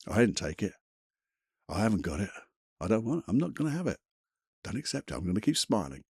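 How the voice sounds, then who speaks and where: A man voicing a serene Buddha in a spoken story, talking softly and slowly. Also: on the low side, big pitch swings, slightly rough, dry recording, clean studio sound, pitched below the performer's own voice, full character voice. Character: calm smiling Buddha, older man, serene.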